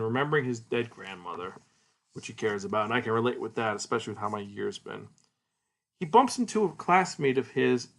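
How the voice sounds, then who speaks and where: A man hosting a podcast, retelling a comic's plot in a casual, animated way and acting out its characters. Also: mid-range voice, creaky. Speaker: podcast host. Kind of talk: casual solo manga review.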